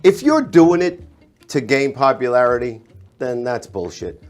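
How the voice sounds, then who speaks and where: A middle-aged Boston comedian talking casually, with a lively storyteller's delivery. He builds up his stories and laughs at his own punchlines. His voice sits at an ordinary male pitch. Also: measured pace. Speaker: comedian guest. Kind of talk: casual chat.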